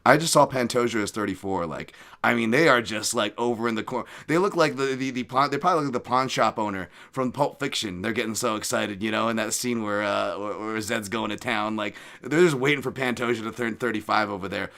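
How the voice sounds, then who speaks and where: A man's voice: lowish voice, a little fast, vocal fry, few pauses, bright, forceful tone. A man hosting a podcast, rambling casually with jokes and profane asides. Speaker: podcast host.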